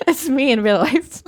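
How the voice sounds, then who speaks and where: A woman's voice: mid-range voice, a little mellow. A woman from Sweden with a Swedish accent, streaming and chatting casually with viewers in a rambling, swearing style.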